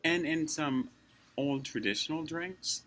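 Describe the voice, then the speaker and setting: A man in his forties musing casually at a fast-food restaurant, rambling and chuckling often as he acts out what people say. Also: a little high, a bit bright. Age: 40s. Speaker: vlogger.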